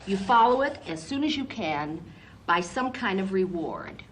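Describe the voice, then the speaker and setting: A woman psychologist instructing parents and coaching a child, encouraging, with short repeated praise and filler pauses. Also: mid-range voice, sing-song, a little hiss or hum. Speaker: psychologist running therapy sessions.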